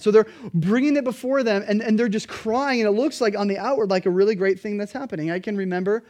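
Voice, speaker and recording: A man, a pastor, preaching a sermon, emphatic and pleading at times, then quietly earnest. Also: high-pitched, quick pace.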